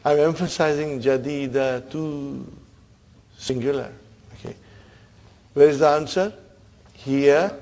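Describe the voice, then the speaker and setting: A man leads an Arabic grammar class in a slightly high, gravelly voice. He drills the terms over and over and keeps checking with a quick "huh?". He encourages students who get answers wrong. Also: darkish tone. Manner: quizzing students, repeating terms, frequent "huh?". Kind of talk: classroom lesson.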